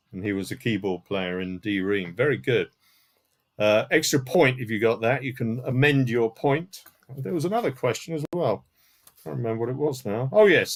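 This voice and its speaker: A man hosting a live-streamed music quiz from home, reading out answers and scores with dry joking asides. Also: mid-range voice. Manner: chatty, with asides and dry jokes. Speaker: quiz host. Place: home room in front of a CD collection.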